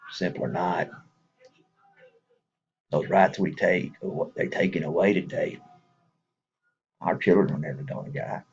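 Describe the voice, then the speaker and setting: A man's voice: deep voice, a little hiss or hum. A man giving an earnest, plainspoken spoken message in a casual, folksy way. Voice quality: gravelly, husky. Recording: dull lo-fi recording.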